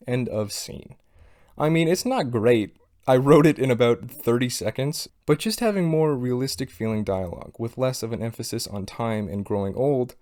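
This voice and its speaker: A man's voice: medium pitch, darkish tone. A young man hosting a video essay, sarcastic and exasperated as he picks apart a movie's writing. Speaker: film critic video host.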